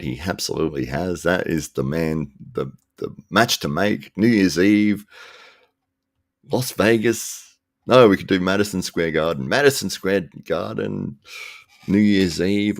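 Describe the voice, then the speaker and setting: A man hosting a casual live stream, chatting in a relaxed, rambling way and chuckling often. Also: sits low, gravelly, no echo, clean studio sound. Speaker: live show host reading chat.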